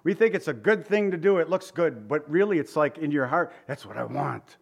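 A man's voice: fairly high pitch, animated, a little fast, highs cut off. A man preaching a conversational sermon, asking his listeners questions and voicing quotes. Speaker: pastor.

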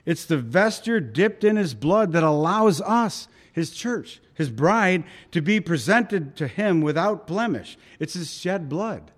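A man's voice: high voice, expressive, slow pace, few pauses. A male pastor preaching a sermon in a conversational, storytelling way, acting out voices in his anecdotes.

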